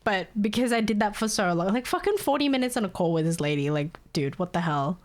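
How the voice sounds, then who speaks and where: A woman's voice: medium pitch, very animated, fast talker, darkish tone. A woman streamer telling a story in casual chat, laughing often and swearing freely.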